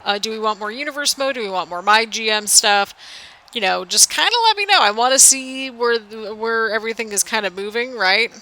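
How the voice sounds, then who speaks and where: Young woman gaming host, bright and slightly high voice, chatty and sing-songy, a bit tired. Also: fairly quick, poor audio. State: a little tired. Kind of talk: casual game commentary.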